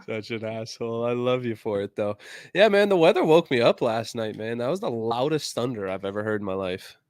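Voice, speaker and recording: An American man hosts a casual sports podcast, loud and joking, with a fair amount of swearing. His voice sits at an ordinary middle pitch. The sound is dry and close, with no room echo. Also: expressive, brisk. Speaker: podcast host.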